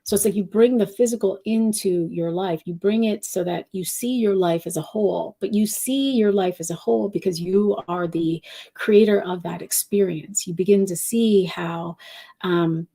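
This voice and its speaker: A woman giving an intuitive live-stream reading, speaking softly and directly to viewers, wandering between thoughts. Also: mid-range voice, normal speed. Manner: reads out viewer questions. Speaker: intuitive reader and channeler.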